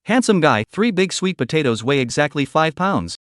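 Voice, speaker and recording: A man's voice: on the high side, very animated, moderate pace, fairly bright tone, dry recording, studio quality. A man voicing a greedy middle-aged male street vendor who haggles in a pushy, indignant way.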